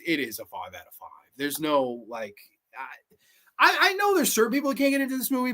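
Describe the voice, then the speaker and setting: A man's voice: fairly high pitch, fairly bright tone. A man in his thirties hosting a horror movie podcast, chatting casually on a livestream and reading viewer comments in an enthusiastic, rambling way. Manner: enthusiastic, rambling, repeats words, swears casually.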